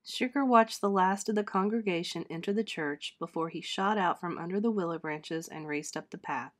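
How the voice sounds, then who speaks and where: A woman teacher reads a children's chapter book aloud to her class, her narration expressive and measured. She lifts her voice for the characters' dialogue and lets it fall soft and low between lines. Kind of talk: storybook read-aloud narration.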